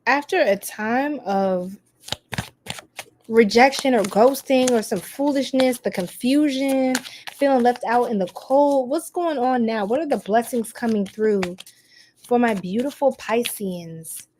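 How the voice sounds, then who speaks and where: Woman tarot streamer, a bit high-pitched, chatty and sassy, talks straight to her chat, faint hiss behind her. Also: measured pace. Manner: animated, exclaims often. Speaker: tarot reader hosting a live stream. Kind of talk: casual live-stream tarot reading.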